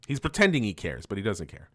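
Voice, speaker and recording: A man co-hosting a casual podcast, recapping a cartoon episode with frequent laughter and quick silly voices for the characters. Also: on the low side, huge pitch swings, sharp tone, no echo, clean studio sound. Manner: laughs often, loose and profane, acts out lines in quick silly voices. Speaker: podcast co-host.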